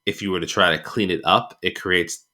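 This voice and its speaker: This podcast co-host has a low voice and talks a little fast. He casually tells a story, chuckling as he goes, an animated storyteller who laughs his way through anecdotes.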